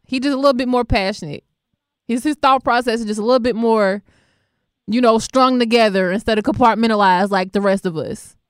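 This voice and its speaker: A young woman hosts a talk radio show and reads the news in a loose, laughing, conversational way. Her voice is smooth and clear. The studio sound is dry and close. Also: a little high, no echo. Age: young adult. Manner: laughing, chatty, affectionate and conversational.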